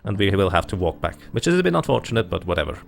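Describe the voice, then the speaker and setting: A man giving steady, explanatory live commentary on his own speedrun. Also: low-pitched, racing, vocal fry, a little hiss or hum. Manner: steady explanatory, light laughs.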